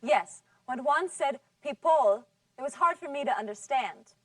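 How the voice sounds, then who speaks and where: A woman runs a scripted class in a fairly high voice, patiently drawing out each model word. She sits back from the mic, and the room sounds dry. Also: animated, dry recording, distant mic. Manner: patient, drawn-out model words. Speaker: English teacher.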